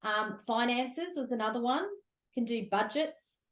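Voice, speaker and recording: A woman's voice: on the high side, a little slow. A woman hosting a podcast interview, conversational and enthusiastic, with many affirming remarks. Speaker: podcast host. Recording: roomy echo.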